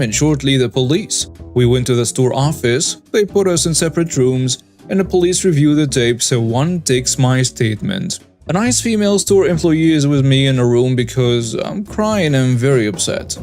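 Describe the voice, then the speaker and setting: A man narrates stories in a steady, scripted reading voice. His pitch sits in the middle of the usual male range. Quiet background music plays beneath him throughout. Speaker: story channel narrator. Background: faint background music.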